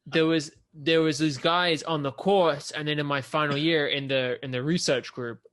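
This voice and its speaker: Animated man telling stories. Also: fairly high pitch, normal speed. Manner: animated storyteller, swears casually. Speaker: podcast co-host. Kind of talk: casual chat.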